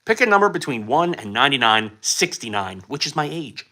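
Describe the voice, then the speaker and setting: Animated young man hosting a live stream. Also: medium pitch, a little fast. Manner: reads viewer questions aloud and answers with many ums and uhs. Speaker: livestream host answering chat questions. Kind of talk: casual live-stream chat.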